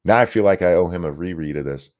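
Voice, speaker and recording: A man co-hosting a casual podcast chat, animated and profane, tripping over words as he reads viewer comments aloud. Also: deep voice, quick pace. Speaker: co-host.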